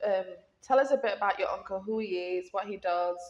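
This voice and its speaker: A woman's voice: medium pitch, fairly quick, a little mellow, highs cut off. A woman with a Yorkshire accent from Leeds, hosting a casual interview in a playful, teasing way. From Leeds, West Yorkshire, England. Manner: teasing, playful, laughs often. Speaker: host. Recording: echoey room.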